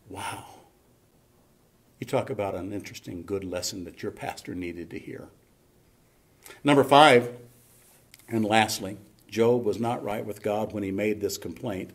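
Man, pastor, sermon, gravelly voice, folksy, emphatic, church. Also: fairly low pitch, measured pace, long pauses. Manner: folksy preaching, building to loud emphatic peaks. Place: church sanctuary.

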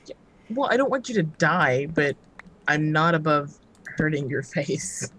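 A woman's voice: low-pitched, animated, unhurried, a bit bright. Sarcastic, teasing woman gamer. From United States. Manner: sarcastic, teasing, laughs often. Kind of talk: casual gaming chat.

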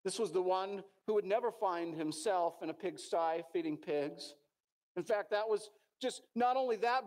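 A man's voice: very high-pitched, darkish tone. A middle-aged man with an American accent, preaching a sermon in a church and telling stories earnestly, with many restarts. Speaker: pastor.

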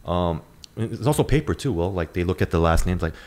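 A man with a notably low, deep voice joins a loose podcast conversation. He drops quick, offhand remarks and explanations. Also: lively intonation, a little mellow. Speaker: podcast panelist. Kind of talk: casual podcast chat.

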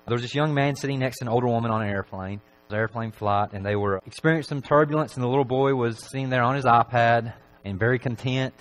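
A man preaching a Sunday evening sermon in a church, talking in a relaxed, conversational way with frequent filler phrases. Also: mid-range voice, fast talker, rough recording.

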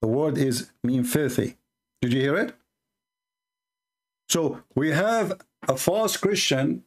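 A man's voice: a little high, lively intonation, slow pace. A man hosting live commentary on video clips, speaking with indignant, emphatic repetition. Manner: indignant, emphatic, repeats words for stress. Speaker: religious commentary host.

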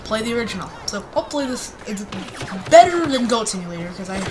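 A woman's voice: on the high side, quick pace, background noise. A woman hosting a gaming video, chatting casually and cheering or yelping as she plays. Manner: excitable, yelps and cheers mid-play. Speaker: gaming channel host. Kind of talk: casual gameplay commentary.

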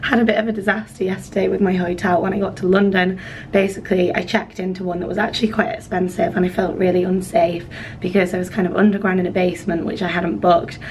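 A woman vlogger with a cold-roughened, hoarse voice, chatting to camera in a rambling, apologetic way. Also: on the low side, level tone, fast talker, a little mellow, a little hiss or hum, poor audio. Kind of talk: casual vlog chat to camera.

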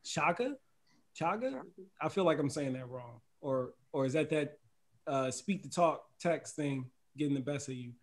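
A man's voice: mid-range voice, steady tone, moderate pace. A middle-aged man from the United States hosting a casual livestream chat, laughing often and reading the chat aloud. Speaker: host.

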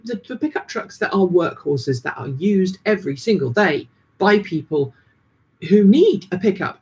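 Husky British-accented voice, chatty host. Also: medium pitch. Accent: British, drifting toward American. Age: 30s. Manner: rambling, many ums and restarts. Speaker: livestream host. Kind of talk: casual livestream chat.

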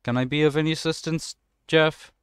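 A young man giving a casual, jokey let's-play commentary, excitable and swearing often as he plays. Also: a little high, fairly quick, smooth, no room sound, clean studio sound. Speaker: gaming channel host.

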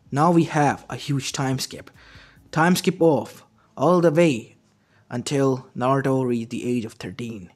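Halting male fan-story narrator. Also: medium pitch. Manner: unpolished, halting, restarts often. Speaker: channel narrator. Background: faint lo-fi music.

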